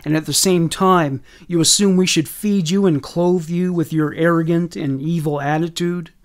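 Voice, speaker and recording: A man's voice: on the high side, steady tone, normal speed, close to an everyday voice. A man voicing a cold, scornful middle-aged mother who scolds in a sarcastic way. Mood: scolding.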